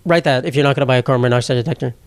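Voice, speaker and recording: A man's voice: mid-range voice, racing, dry recording. A young man hosting a solo comedy podcast, rambling and sarcastic, swearing freely and laughing at his own jokes. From New York.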